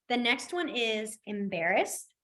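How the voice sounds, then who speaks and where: Woman, instructor, fairly high-pitched, chatty, casual teaching, everyday examples. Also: fairly bright tone. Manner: chatty, explains with everyday examples, laughs easily. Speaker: sign language instructor.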